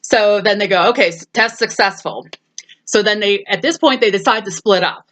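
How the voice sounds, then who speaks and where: In a relaxed movie recap, a woman narrates scenes with frequent laughter and acts out lines as she quotes them. Her voice is mid-range, a bit bright, at normal speed.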